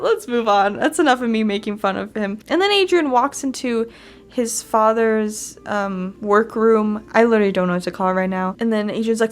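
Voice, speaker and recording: A woman hosting a casual fan commentary video, chatty and giggly, laughing often as she talks. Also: high voice. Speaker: fan channel host.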